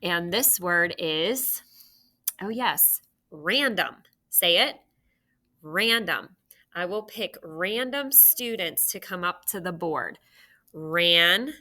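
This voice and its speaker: A woman's voice: fairly low pitch, animated, slow pace, bright, forceful tone. A woman teacher giving a recorded phonics lesson to young children, patiently sounding out syllables and asking questions.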